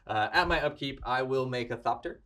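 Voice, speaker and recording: Halting man playing a card game. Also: mid-range voice, pushed and bright, far from the mic, slight background noise. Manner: halting, counts aloud, many fillers. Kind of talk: casual tabletop play.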